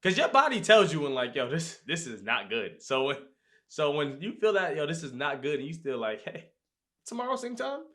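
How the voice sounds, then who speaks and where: A man on a podcast telling a story in a lively way and acting out his own reactions. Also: on the high side, normal speed. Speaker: podcast host. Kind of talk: casual storytelling chat.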